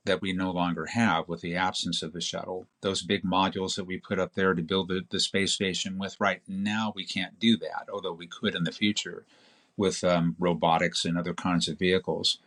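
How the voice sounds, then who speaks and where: Deep-voiced man explaining at length. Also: little pitch movement, a bit bright. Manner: measured, detailed, explanatory. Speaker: interview guest, space expert. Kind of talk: conversational explanation.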